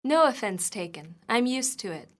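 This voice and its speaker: A woman reading scripted dialogue for an English lesson, in a clear, even manner. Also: a little high, normal speed.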